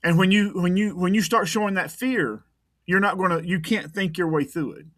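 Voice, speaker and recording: A man's voice: high-pitched, moderate pace, fairly bright tone, dry recording, clean studio sound. A man talking casually on a podcast as a private investigator guest, blunt and tough, often repeating words as he goes.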